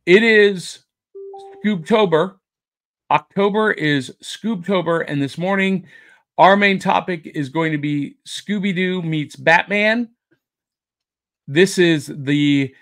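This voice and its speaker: Man, podcast host, upbeat jokey patter, slightly high voice, unhurried. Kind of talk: casual podcast chat.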